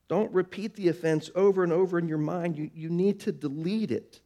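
Delivering a sermon, this male pastor alternates quiet, low-pitched passages with louder, higher ones and slows his pace to emphasize points.

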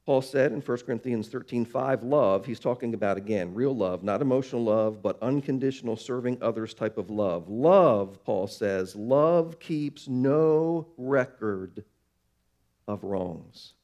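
A man preaching a sermon, slowing down for emphasis and swinging between soft, low lines and louder, higher ones. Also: dull audio. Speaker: pastor.

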